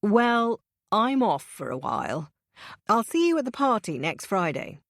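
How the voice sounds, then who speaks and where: Glib male boss with a persuasive drawl, slightly higher and louder than the narrator, read by a woman. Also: big pitch swings, measured pace, no echo, clean studio sound. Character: glib smooth-talking male law firm boss.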